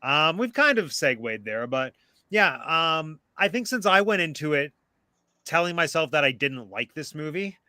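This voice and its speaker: A man leads a relaxed group conversation about a film over a video call. His voice has a bright, forward edge and sounds close and dry, with no room around it. He talks easily, with plenty of filler words. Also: fairly high pitch, normal speed, no echo. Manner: chatty, relaxed, hedges with "like" and "um". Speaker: host of a movie discussion. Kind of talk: casual group chat on a live video call.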